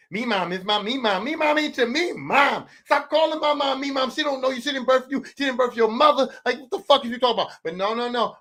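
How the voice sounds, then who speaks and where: A man's voice: very high voice, fast talker, hardly any pauses, sharp tone. A man, hosting a podcast with a profane, comedic rant that repeats lines for emphasis. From West Philadelphia. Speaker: podcast host.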